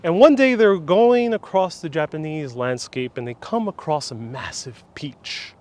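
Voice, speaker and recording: A man with a fairly high voice, guiding a tour of an outdoor sculpture park. He retells a legend in a casual, lively manner, with his pitch rising and dipping. A small wireless clip-on mic picks him up outdoors. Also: measured pace. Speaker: tour guide host.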